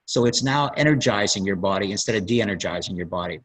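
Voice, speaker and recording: A man's voice: fairly low pitch, animated, fast talker, few pauses, fairly bright tone, low-quality recording. A man, a plastic surgeon guest on a conference call, telling rambling stories and acting out what people said. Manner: rambling storyteller, acts out quotes.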